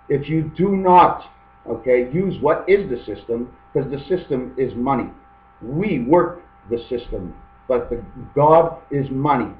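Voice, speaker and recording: A man's voice: mid-range voice, lively intonation, measured pace, roomy sound, narrow, tinny audio. A man giving a meandering, free-associating webcam monologue, often tossing in "okay". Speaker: webcam vlogger. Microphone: webcam microphone.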